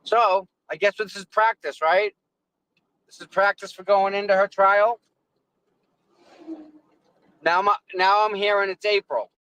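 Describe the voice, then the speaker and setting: A man's voice: high-pitched, steady tone, measured pace, pauses often, a bit bright, clear, resonant tone, dry recording, poor audio. A man live-streaming casually from his car in traffic, rambling, repeating words and thanking viewers effusively. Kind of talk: casual live-stream chat while driving.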